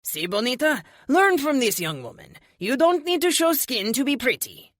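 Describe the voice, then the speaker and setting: Woman voicing a flattering male shopkeeper. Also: high voice, normal speed, no echo, voice pushed up. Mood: effusive. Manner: generous, flattering, sprinkles Spanish words. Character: warm, effusive middle-aged male shopkeeper. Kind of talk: audiobook character voice.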